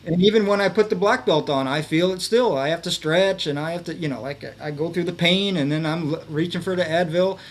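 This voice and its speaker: A man's voice: fairly high pitch, brisk, hardly any pauses. A man in his fifties, a guest telling stories in a rambling casual way, full of fillers and restarts. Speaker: podcast guest, veterans advocate. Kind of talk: casual conversational storytelling.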